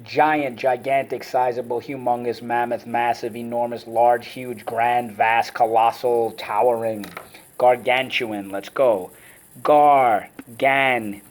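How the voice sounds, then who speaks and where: A man teaching a vocabulary lesson, energetic and enthusiastic, leading call-and-response drills and chanting words syllable by syllable. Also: mid-range voice, unhurried.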